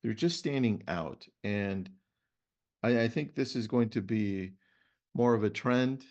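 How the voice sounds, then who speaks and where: A man's voice: lowish voice, measured pace. A middle-aged man hosting a webinar, chatting casually and telling stories with animation over a video call. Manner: animated storyteller. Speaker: webinar host. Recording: muffled lo-fi web audio.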